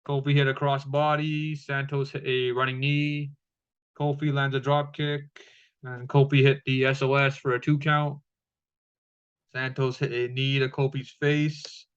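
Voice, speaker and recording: A man's voice: mid-range voice, fairly bright tone, clean tone, muffled recording. A man giving a casual, profane recap of a wrestling show, with lots of fillers.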